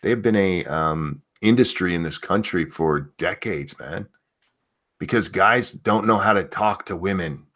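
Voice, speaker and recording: A man's voice: low-pitched, unhurried. A man hosting a casual chat show, rambling through crude jokes and reading out donations. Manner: loose rambling crude humor, animated. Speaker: show host.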